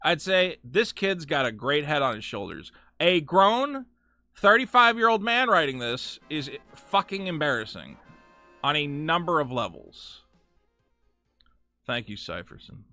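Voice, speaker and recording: A man's voice: fairly high pitch, bright, forceful tone, no echo, studio quality. A man hosting a live game stream, ranting with profane, sarcastic commentary from his home setup. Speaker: streamer host.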